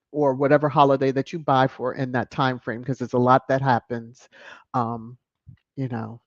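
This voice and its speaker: A woman's voice: a bass voice, darkish tone. A woman hosts a casual live stream and gushes her thanks to viewers, breaking into laughter often. The recording is dull and lo-fi, with a dry, close sound and no room echo. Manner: effusive, chatty, laughs often. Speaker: channel host. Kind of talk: live-stream chat reading viewer donations.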